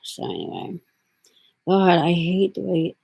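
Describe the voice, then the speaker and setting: A woman's voice: on the low side, big pitch swings, a little slow, vocal fry, darkish tone, husky, poor audio. A middle-aged woman talking to her camera in a rambling, casual way, drifting from thought to thought with lots of fillers. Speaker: vlogger. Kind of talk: casual vlog talk.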